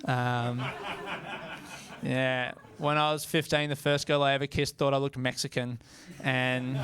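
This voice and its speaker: A man's voice: medium pitch, fairly even intonation, normal speed, crowd noise. An Australian man performing stand-up comedy, casual and self-mocking, with frequent swearing.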